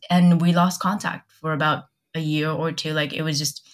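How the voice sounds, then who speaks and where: A young woman with a notably low voice tells a personal story in relaxed conversation. She speaks candidly, often stopping to restart a thought and acting out what people said to her. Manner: candid, halting, many restarts and quoted dialogue. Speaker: podcast guest. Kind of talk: personal storytelling in casual chat.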